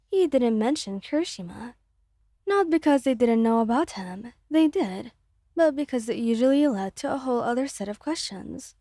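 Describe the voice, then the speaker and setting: A woman narrating a romantic fan story in a soft, slow, gentle ASMR reading. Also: a little high, animated, no room sound, clean studio sound.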